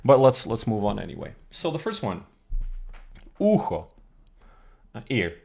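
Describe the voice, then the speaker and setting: A man with a low-leaning, gravelly, slightly mellow voice teaches an old alphabet book on a live stream, his pitch swooping wildly as he speaks unhurriedly. He thinks aloud, corrects himself mid-sentence, and reads and answers chat questions in this explanatory lesson.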